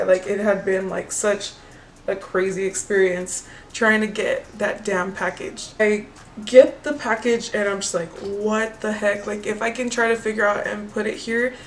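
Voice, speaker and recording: A woman vlogging casually about makeup, telling a story in a chatty, animated way and acting out the people in it. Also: medium pitch, normal speed, far from the mic, slight background noise, poor audio. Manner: chatty, animated storytelling, acts out quoted voices. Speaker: beauty vlogger.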